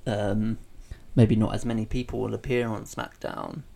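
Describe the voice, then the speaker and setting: A man's voice: lowish voice, level tone, moderate pace, vocal fry, mellow. A man co-hosting a podcast, chatting casually and hesitantly with plenty of fillers. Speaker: podcast co-host. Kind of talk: casual wrestling chat.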